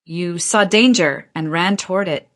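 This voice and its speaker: A woman voicing a dignified seventy-year-old mother who speaks calmly, steadily and firmly. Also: fairly low pitch, lightly acted. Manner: calm, measured, firm.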